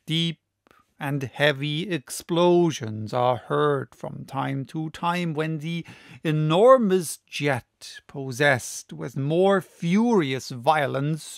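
Man reading an audiobook real slow, gravelly, dry close sound. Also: fairly high pitch, no room sound. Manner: measured, deliberate reading. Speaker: audiobook narrator. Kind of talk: audiobook narration.

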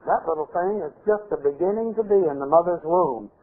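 A man preaching a sermon as a pastor, telling stories in a folksy, animated way, on a tinny lo-fi recording. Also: high voice, a little fast. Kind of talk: storytelling sermon.

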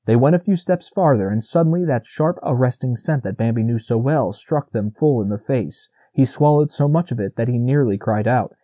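A man narrating a classic children's novel as an audiobook, steady and even. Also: medium pitch, moderate pace, few pauses, no echo, studio quality. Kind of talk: scripted narration.

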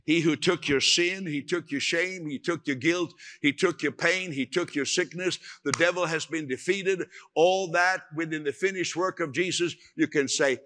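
An older male pastor preaches with emphatic, animated delivery. His voice is bright and ringing and sits a little high. He hammers his points and plays out quotes as he goes. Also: moderate pace, hardly any pauses. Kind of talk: sermon.

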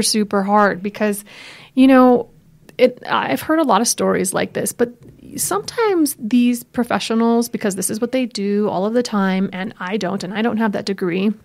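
A woman co-hosting a podcast, telling a personal story in a casual, animated way, laughing often and acting out the voices she quotes. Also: medium pitch. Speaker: podcast co-host.

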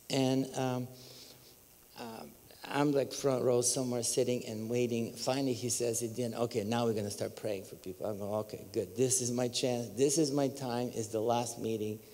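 A man with a Bulgarian accent telling his testimony as a preacher, animated and storytelling, breaking into high exclamations and laughter. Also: moderate pace, in a large hall. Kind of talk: testimony sermon. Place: large church hall.

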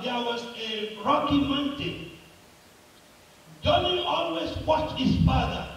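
High-voiced man preaching slowly in echoey hall. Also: recorded from a distance, a little hiss or hum. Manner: slow, dramatic storytelling with emphatic repeated phrases. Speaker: pastor. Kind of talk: sermon.

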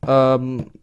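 A young man giving rambling let's-play commentary, yelling at the characters on screen. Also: medium pitch, heavy background noise. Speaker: gaming commentator.

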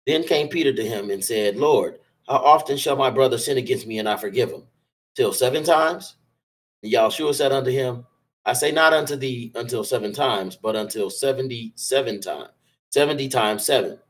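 Male reader, mid voice, steady plain scripture reading. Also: medium pitch, normal speed, low-quality recording.

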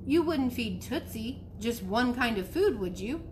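Woman doing an excitable little boy. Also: on the high side, measured pace, background noise, pitched above the performer's own voice. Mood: eager.

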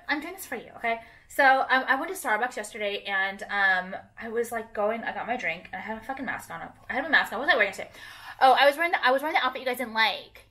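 Doing her makeup on camera, a young woman chats in a fairly high, bright voice with a forceful edge. It's a loose, rambling vlog full of filler words and casual cursing.

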